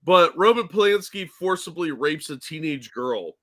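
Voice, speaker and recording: A man's voice: fairly high pitch, expressive, moderate pace, pushed and bright. A man co-hosting a casual podcast chat, making blunt, crude, sarcastic remarks. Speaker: co-host.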